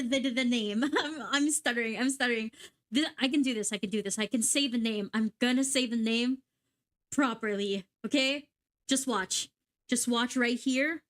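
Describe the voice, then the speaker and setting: A young woman VTuber commenting casually on a game, giggling, swearing and stumbling over words in a sleepy way. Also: on the high side. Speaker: VTuber streamer.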